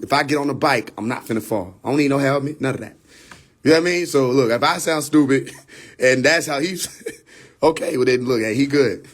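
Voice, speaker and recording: A man hosting a livestream, ranting casually with heavy profanity and frequent laughter, talking into a phone. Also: fairly high pitch. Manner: profane, laughs often, animated. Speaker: livestream host.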